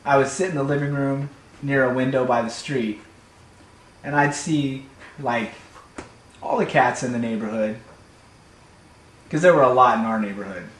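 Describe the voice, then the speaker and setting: Animated man telling a comic story. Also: mid-range voice, normal speed, pauses often. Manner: animated, playful, builds to shouts. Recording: echoey room, faint hum.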